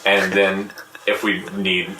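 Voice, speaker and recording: A man hosting a casual podcast, talking in a lively way and laughing often. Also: deep voice, slow, distant mic. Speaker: podcast host. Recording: roomy echo, off-mic, faint noise.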